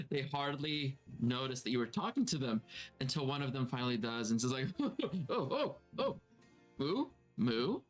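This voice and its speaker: A man narrating as game master of a tabletop role-playing stream, playful and quick to laugh. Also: medium pitch.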